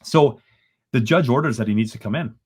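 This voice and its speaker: A man, a podcast guest retelling events in an animated, exasperated way and often ending lines with "right?". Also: mid-range voice, brisk, husky. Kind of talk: casual storytelling in a podcast interview.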